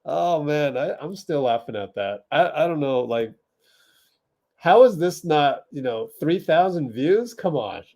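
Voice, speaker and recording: A man's voice: fairly high pitch, very animated, measured pace, darkish tone. A man hosting a casual livestream watch party, chatting with viewers, laughing often and typing as he talks. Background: keyboard typing.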